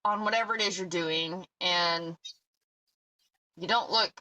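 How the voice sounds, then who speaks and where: A woman co-hosting a podcast in casual chat, blunt and animated as she tells stories. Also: fairly low pitch, unhurried, low-quality recording. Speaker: podcast co-host.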